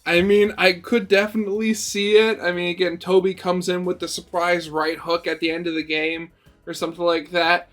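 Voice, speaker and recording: A man in casual chat, relaxed and hesitant, trailing through his thoughts. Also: high voice, moderate pace, faint music behind.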